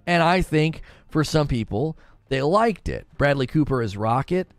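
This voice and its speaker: Lively-pitched man chatting about games. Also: normal speed, no room sound. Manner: rambling, conversational, answers chat questions. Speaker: gaming news host. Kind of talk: casual chat.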